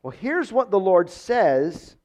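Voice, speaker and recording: A man's voice: sits high, sing-song, slow pace, a little mellow. A man preaching an expository Bible lesson, earnest and emphatic, sometimes stumbling and repeating words.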